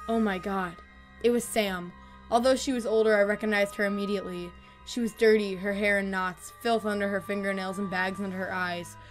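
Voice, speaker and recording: A woman calmly reading horror stories in scripted narration, growing softer and quieter on the grim lines. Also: medium pitch. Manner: calm, measured, dropping softer on grim lines. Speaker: storyteller. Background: faint music.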